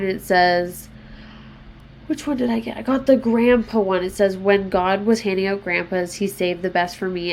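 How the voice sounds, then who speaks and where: A woman's voice: mid-range voice, a little hiss or hum. A woman in her twenties hosting a podcast on her own, chatting casually and swearing freely as she pokes fun at herself. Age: 20s. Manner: chatty, frequent swearing, self-mocking. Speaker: podcast host. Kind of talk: casual solo podcast chat.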